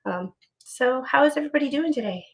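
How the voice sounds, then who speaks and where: A young woman talks casually on a home livestream, blunt and salty, with plenty of ums and restarts. She sounds a little out of breath, and her pitch sits mid-range. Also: unhurried, fairly bright tone. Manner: frank, profane, many ums and restarts. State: slightly out of breath. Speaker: live streamer.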